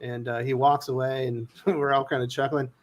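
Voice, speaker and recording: A man's voice: medium pitch, moderate pace. A man hosting a casual comics panel livestream, telling a story with lots of acted-out quotes and swearing. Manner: animated storyteller, swears, acts out quotes loudly. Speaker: host of a comics news livestream.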